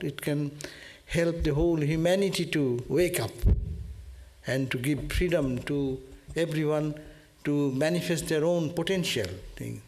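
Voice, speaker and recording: Earnest, halting man. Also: fairly high pitch, a little mellow. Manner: slow, earnest and halting, with repeated phrases. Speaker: swami giving closing remarks. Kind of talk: devotional closing address.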